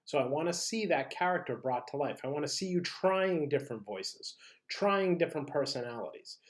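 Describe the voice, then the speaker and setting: A teacher giving an upbeat online lesson, leading face and voice warm-ups with encouraging check-ins. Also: medium pitch, lively intonation, moderate pace. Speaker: drama and language teacher.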